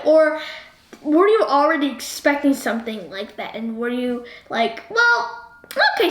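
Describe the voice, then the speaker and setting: A high, bright-pitched woman talks through a movie review, tossing question after question at her viewers. The room around her rings with a noticeable echo. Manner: keeps asking the viewer questions, animated. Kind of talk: chatty video review. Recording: roomy echo.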